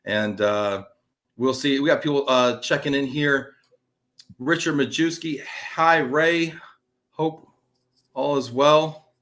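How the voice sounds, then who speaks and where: A man hosts a live webcast with lots of energy, joking and teasing his guest. His voice sits at an ordinary middle pitch, and he reads viewers' comments aloud with easy enthusiasm. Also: takes it slowly, pauses often, fairly bright tone. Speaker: host.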